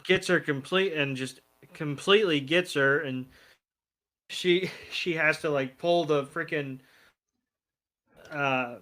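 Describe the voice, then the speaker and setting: A man's voice: on the high side, slow pace, long pauses, sharp tone. A man co-hosting a podcast, casually retelling a cartoon episode, laughing and swearing as he goes. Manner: casual and profane, laughs while retelling scenes. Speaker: podcast co-host. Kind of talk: casual comedic episode recap.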